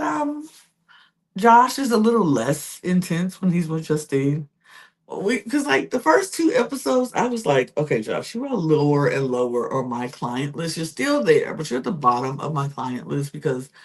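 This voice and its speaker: A woman's voice: medium pitch, breathy edge. A woman hosting a casual reality TV recap podcast, chatty and full of fillers and self-corrections. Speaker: podcast host.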